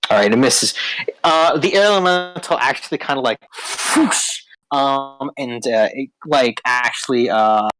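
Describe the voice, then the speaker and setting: A man running a tabletop game as dungeon master, talking haltingly with many ums and uhs. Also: medium pitch, fairly bright tone, rough recording.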